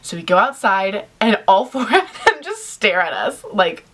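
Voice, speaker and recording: A young woman telling a story to camera in a chatty, animated way, full of "like" fillers. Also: mid-range voice, unhurried. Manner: chatty, animated, heavy use of "like". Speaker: vlogger.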